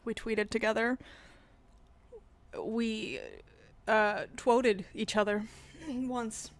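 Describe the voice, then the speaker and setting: A woman streaming political commentary, sarcastic and profane, dropping to mutters and rising to loud rants. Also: on the high side, steady tone, extremely slow. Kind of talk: casual livestream commentary.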